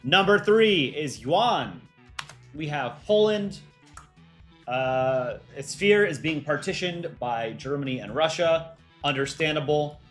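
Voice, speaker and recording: A man hosting a casual livestream for a cartoon channel, reading viewer questions and thinking aloud in a relaxed, offhand way. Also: a little high, takes it slowly, faint music behind. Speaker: livestream host for a countryball animation channel.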